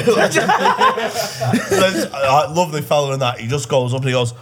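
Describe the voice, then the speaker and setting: A man's voice: mid-range voice, moderate pace. A young man, co-hosting a casual podcast chat, swearing and calling everyone "lad". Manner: swearing, laughing storyteller, says "lad" constantly. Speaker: podcast co-host.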